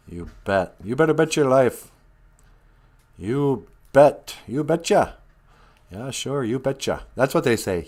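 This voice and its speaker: A man's voice: mid-range voice, animated, moderate pace, darkish tone. Jokey man hosting a live stream. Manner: jokey storytelling, chuckles often, greets viewers. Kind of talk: casual comedic live-stream chat.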